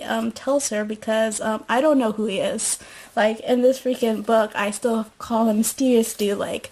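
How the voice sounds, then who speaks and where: A woman's voice: fairly high pitch, a little mellow, slight background noise. Chatty young woman, rambling, filler-heavy. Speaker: YouTuber recapping a TV show. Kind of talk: casual chatty recap. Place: at home.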